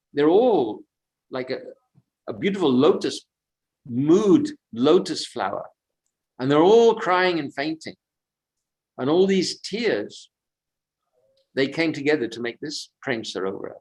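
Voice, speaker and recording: A man giving a devotional storytelling talk at a sacred lake on a pilgrimage walk, unhurried and reflective, drifting between anecdote and commentary. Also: fairly high pitch, big pitch swings, a little mellow, poor audio. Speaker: pilgrimage tour speaker.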